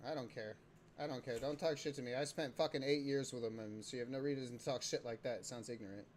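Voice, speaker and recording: A young man hosting a casual livestream, swearing often and breaking into loud excited outbursts while he plays a game. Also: mid-range voice, fast talker, a little hiss or hum. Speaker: livestream host.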